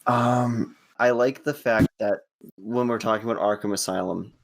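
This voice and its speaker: Low-voiced man chatting casually. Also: fairly even intonation, normal speed, gravelly. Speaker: podcast co-host. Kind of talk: casual chat.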